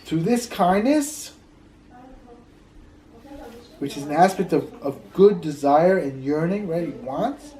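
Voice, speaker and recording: A man's voice: a little high, expressive, slow pace, long pauses, dark tone, poor audio. Man giving a conversational Torah class. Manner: conversational, repeats words as he searches, mixes in Hebrew terms. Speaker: rabbi teaching a class. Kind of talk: Torah class lecture with stories.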